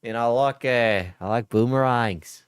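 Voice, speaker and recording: Goofy stereotype Aussie bloke, as a streamer puts him on, jokey put-on accent, clean dry sound. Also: male voice, medium pitch, measured pace, clear, resonant tone, no echo, close to an everyday voice. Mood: mocking. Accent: put-on Australian. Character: mock Australian man, goofy and clichéd.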